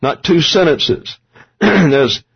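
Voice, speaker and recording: A man leads a Bible lesson on Greek grammar, defining each term step by step and dropping in the odd dry aside. His voice is husky and a little high. The recording sounds dull and lo-fi. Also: expressive, extremely slow. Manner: methodical, explains terms step by step. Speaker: Bible teacher.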